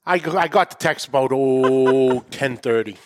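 A man's voice: mid-range voice, moderate pace. A man co-hosting a podcast who teases his partner with dry interjections. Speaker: podcast co-host. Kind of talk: casual teasing banter.

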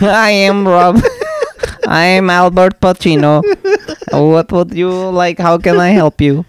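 A man's voice: high voice, big pitch swings, slow, slight background noise, pitched above the performer's own voice, full character voice. A man putting on a Filipino-accented voice for an overly polite male call-center agent who keeps saying "sir". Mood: mock-polite. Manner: formal and eager, stacks "sir" and "hello".

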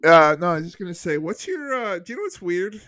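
A man's voice: sits high, big pitch swings, fast, bright, forceful tone, no room sound, studio quality. A man in casual chat, rambling with many fillers. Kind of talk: casual chat about TV shows.

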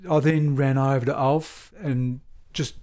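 An Australian man, a former police sergeant, recounting events in a conversational interview, halting and correcting himself as he goes. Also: medium pitch, fairly even intonation, warm tone. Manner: halting, self-correcting, with frequent restarts and fillers. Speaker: former police sergeant telling his story.

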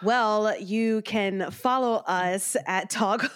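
Woman with a sick, hoarse voice. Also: medium pitch, extremely slow, a little hiss or hum. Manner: playful, laughs easily. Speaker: podcast co-host. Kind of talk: casual podcast chat.

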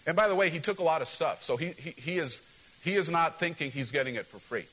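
A man preaching a sermon in a church, with a voice a little higher than most. He is animated and direct, acts out the people in the story and calls questions to the congregation. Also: fast talker, breathy edge, low-quality recording. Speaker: pastor.

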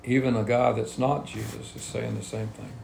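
Gravelly-voiced man teaching Bible study. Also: mid-range voice, little pitch movement, normal speed, darkish tone, slight background noise. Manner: reads scripture then explains it in plain talk. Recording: echoey room with faint ambience.

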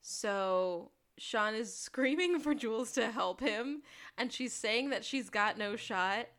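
A woman's voice: on the high side, slow, fairly bright tone. A woman co-hosting a podcast, recapping a TV episode in casual chat and acting out lines with laughs. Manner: chatty, acts out quotes with laughter. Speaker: podcast co-host.

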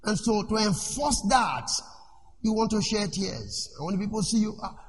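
A male preacher giving a sermon in an animated way. He asks the congregation questions and lets them finish his sentences. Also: high-pitched, moderate pace. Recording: echoey hall with faint noise.

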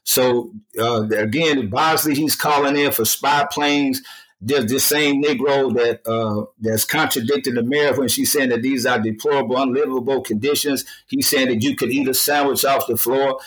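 A man's voice: mid-range voice, steady tone, moderate pace, fairly bright tone, low-quality recording. A man speaking as a guest on a radio talk show, emphatic and colloquial, repeating phrases for stress.

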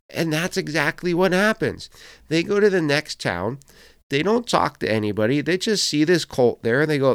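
A man's voice: a little high, big pitch swings, moderate pace, smooth, no room sound, clean studio sound. A man, a pastor, giving a sermon, telling a personal story and acting out quoted voices as he goes.

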